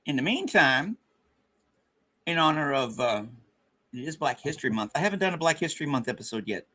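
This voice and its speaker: A man's voice: a little high, big pitch swings, fairly quick, pushed and bright. A man hosting a casual livestream, rambling and joking at his own expense with frequent stammered restarts. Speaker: livestream host.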